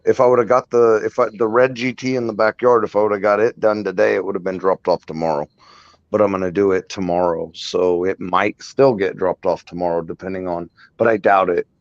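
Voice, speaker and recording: A man's voice: low voice, steady tone, fairly quick, no room sound. A man hosting a casual podcast, talking about cars in a rambling way and laughing often. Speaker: podcast host. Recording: dull lo-fi recording.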